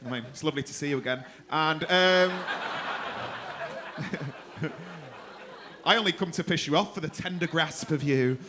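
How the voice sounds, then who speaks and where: A man's voice: fairly high pitch, moderate pace, pauses often, noisy background. A man hosting a comedy club, doing teasing, foul-mouthed crowd work from the stage. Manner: brash, teasing, swears freely.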